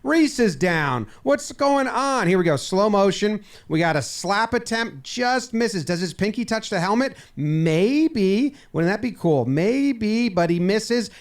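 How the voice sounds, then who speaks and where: A man giving a playful, comedic breakdown of game footage, acting out the players' lines with mock dialogue. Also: high voice. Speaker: baseball video commentator. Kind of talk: comedic sports breakdown over clips.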